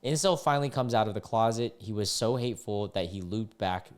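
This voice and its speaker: A man's voice: on the low side, a little fast, darkish tone. A man in his twenties reading online posts aloud and reacting with exasperated, disgusted outbursts. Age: 20s. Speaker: online commentator.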